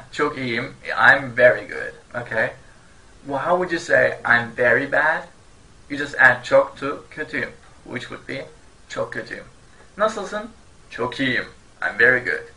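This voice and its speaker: Cheerful male online language teacher, native Turkish speaker, sharp bright voice at an average pitch, drills phrases with a laugh. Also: low-quality recording. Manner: cheerful, laughs often, repeats phrases slowly for learners.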